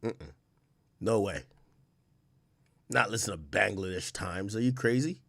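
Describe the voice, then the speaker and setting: A man's voice: on the low side, measured pace, vocal fry, fairly bright tone, no room sound, studio quality. A man streaming, reacting to news clips with incredulous, profane, laughing commentary.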